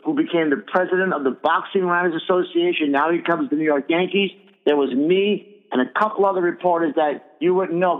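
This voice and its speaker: A middle-aged man hosting a radio talk show, speaking bluntly and indignantly and swearing freely. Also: a little high. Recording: tinny phone-like radio audio with long reverb.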